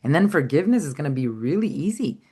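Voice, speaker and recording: A woman's voice: low-pitched, big pitch swings, fast, mellow, husky. Earnest woman giving a spiritual talk. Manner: earnest, heartfelt, rambling with frequent "like". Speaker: spiritual teacher.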